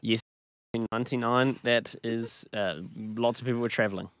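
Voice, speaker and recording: A man's voice: mid-range voice, fairly even intonation, moderate pace, a bit bright, no room sound. A male radio host joking dryly with his co-hosts. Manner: dry and joking. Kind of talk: casual radio banter.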